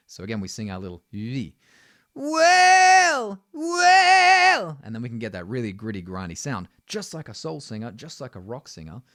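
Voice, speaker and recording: A man's voice: sits low, darkish tone, no room sound, clean studio sound. A man teaching singing, explaining technique and often checking in with "right?". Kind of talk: vocal lesson.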